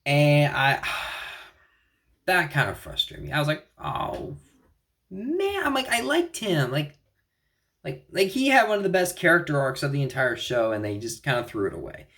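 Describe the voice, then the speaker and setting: A man's voice: on the high side, animated, moderate pace, sharp tone. A young man giving a casual spoken review of a TV episode, rambling with frequent restarts and self-corrections. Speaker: video reviewer. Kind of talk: casual TV show recap and opinion.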